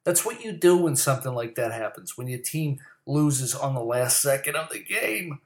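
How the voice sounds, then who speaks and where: A man's voice: medium pitch, lively intonation, normal speed, echoey room. A man giving a heated, profane, rambling monologue about sports. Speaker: sports commentary host. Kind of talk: profane casual sports rant.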